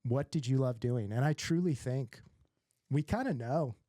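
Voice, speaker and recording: Mellow-voiced man telling stories. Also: mid-range voice, a little slow, no room sound, studio quality. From Southern California. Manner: animated, self-mocking, acts out other people's lines. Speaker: podcast guest. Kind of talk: casual storytelling.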